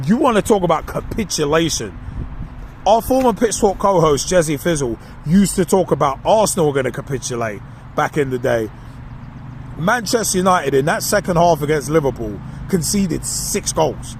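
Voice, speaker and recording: A man co-hosting a podcast, delivering a casual, animated and mocking football opinion monologue. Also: on the high side, slight background noise. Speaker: podcast co-host.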